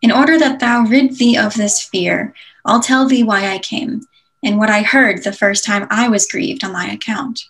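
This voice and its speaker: A woman reading aloud the part of Virgil, a dignified male ghost, declaiming old verse loudly and slowly. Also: mid-range voice, close to an everyday voice, low-quality recording. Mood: solemn.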